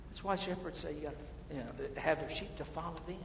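A man preaching a sermon as pastor, swinging between hushed, drawn-out asides and emphatic, rising swells. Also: a little high, gravelly, a little hiss or hum. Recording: echoey hall, slightly dull sound.

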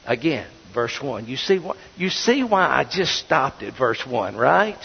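A man preaching a sermon as pastor, swinging between loud bursts and hushed asides. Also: medium pitch, sing-song, measured pace, vocal fry, breathy edge. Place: church sanctuary. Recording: dull, reverberant sanctuary audio.

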